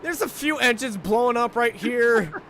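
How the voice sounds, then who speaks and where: High bright excitable race commentator man. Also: moderate pace, a little hiss or hum. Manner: excitable, shouts at big moments. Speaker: play-by-play commentator. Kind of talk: live sim racing commentary.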